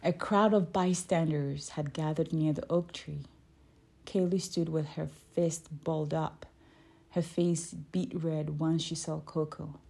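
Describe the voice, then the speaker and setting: A woman reading her children's book aloud, slow and deliberate, with small restarts. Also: sits low, steady tone, vocal fry, warm tone, breathy edge.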